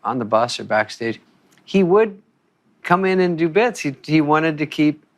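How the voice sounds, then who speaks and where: A man's voice: on the high side, animated, a little slow. A man interviewing guests in casual chat, chatty with short agreeing noises.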